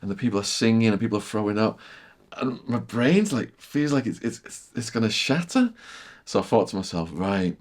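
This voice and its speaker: A middle-aged man telling a vivid story as a podcast guest, repeating phrases and sinking to a hushed near-whisper at tense moments. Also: lowish voice, expressive, fairly quick. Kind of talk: storytelling in casual chat.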